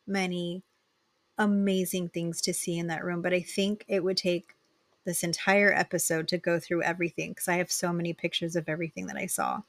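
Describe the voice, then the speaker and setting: A woman's voice: fairly low pitch, a bit bright, no room sound. Chatty, enthusiastic woman podcast host. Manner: chatty and enthusiastic, addresses listeners as "you guys". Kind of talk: casual solo podcast recap.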